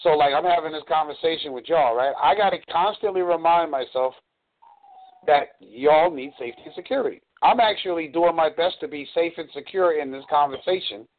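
A man's voice: fairly high pitch, a little fast. A man in a coaching call, explaining earnestly and drawing on examples. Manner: earnest, explanatory, uses y'all. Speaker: dating coach. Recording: tinny phone line.

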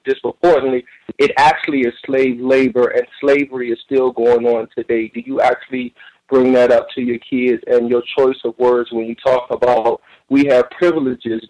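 A man's voice: medium pitch, darkish tone, rough recording. A man calling in to a radio show, asking long, pointed questions with many ums. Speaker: caller.

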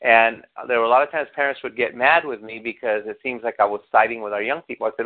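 A man's voice: mid-range voice, fairly even intonation, fast talker, few pauses. A man preaching a sermon as pastor, telling stories and acting out quotes while asking the congregation questions. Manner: storytelling, acts out quotes, asks the congregation questions. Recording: tinny phone-like sound.

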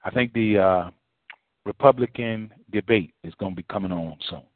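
Over a dry, tinny line that sounds like a phone call, a pastor with a lowish male voice delivers his sermon at a moderate pace. His style is folksy and repetitive, full of rhetorical questions.

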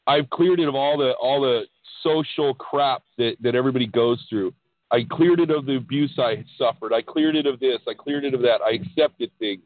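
A man as a podcast guest, recounting his spiritual awakening in an excitable, animated way. He tumbles over his words and restarts his sentences. His voice sits in a middling range and comes through a narrow, tinny line with no room sound. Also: medium pitch, normal speed, dry recording. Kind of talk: casual storytelling about spiritual experiences.

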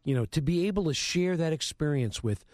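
A man co-hosting a live radio talk show from a studio, speaking in a measured, enthusiastic way. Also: a little high, lively intonation, no echo. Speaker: radio co-host. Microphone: studio microphone.

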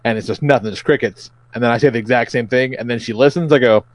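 On a comedy podcast, a male co-host with a mid-range voice rattles through animated, foul-mouthed stories and acts out what people said. He talks fast, and there's no room sound.

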